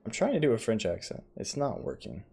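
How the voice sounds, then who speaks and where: A man's voice: lowish voice, very animated, fairly quick, gravelly, mellow, slightly rough. A man streaming a game and tossing off casual, joking remarks. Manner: offhand and joking. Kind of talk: casual gameplay commentary.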